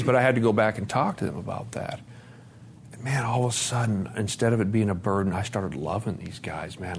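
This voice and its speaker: A man in his forties giving a recovery testimony at a conference, storytelling in a lively, profane way, swinging from loud to soft. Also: medium pitch, a little hiss or hum. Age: 40s. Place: conference hall talk.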